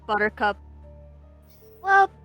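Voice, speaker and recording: A woman's voice: on the high side, sing-song, slow, bright, forceful tone, faint music behind, exaggerated voice. A woman voicing a cheery male owlbear rider with a Spanish accent in a tabletop game. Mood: jovial. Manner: breezy, chatty, drops Spanish words.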